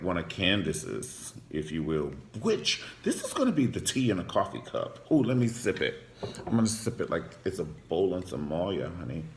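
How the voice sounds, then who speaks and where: A man recapping a TV drama in a sassy, flamboyant, gossipy way, jumping into sudden high squeals. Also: a bit bright, echoey room. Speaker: TV show reviewer. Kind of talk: casual recap vlog.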